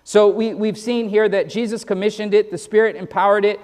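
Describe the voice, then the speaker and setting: Male pastor, high voice, earnest and emphatic sermon delivery, stumbling restarts, heard with a lingering hall echo. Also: fairly even intonation, a little mellow. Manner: earnest, emphatic preaching with quick verse citations; repeats words when starting sentences.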